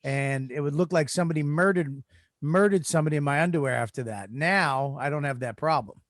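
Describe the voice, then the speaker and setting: A man's voice: a little high, fairly quick, no room sound, clean studio sound. A man speaking in casual podcast chat, blunt and easily grossed out. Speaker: podcast co-host.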